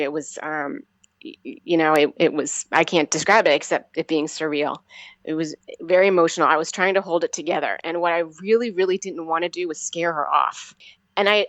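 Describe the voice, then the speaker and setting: A woman in her forties telling her personal story as an interview guest, earnest and halting, often restarting her sentences. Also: deep voice, fairly bright tone, no room sound. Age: 40s.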